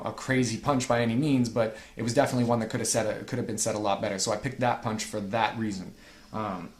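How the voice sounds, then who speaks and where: A man talks through rap battle verses in a loose, profane, laid-back way, sometimes tripping over the lines he reads out. His voice sits at a middling pitch. The room around him is echoey. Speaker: rap battle league reviewer. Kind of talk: casual review commentary.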